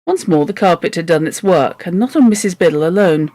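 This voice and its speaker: A woman's voice: fairly low pitch, animated, fairly quick, mellow, dry recording. A woman reading a children's novel aloud for a book club, with wry, joking asides.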